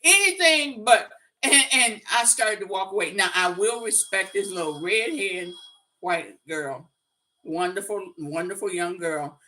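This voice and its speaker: A woman's voice: mid-range voice, unhurried, sharp tone, far from the mic. A woman guest telling a story in casual, wry conversation. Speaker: guest on a live stream.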